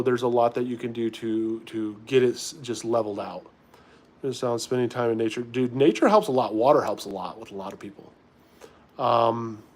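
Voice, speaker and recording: Casual man answering live-stream chat. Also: medium pitch. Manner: reads viewer questions aloud and answers offhand. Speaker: livestreamer in recovery.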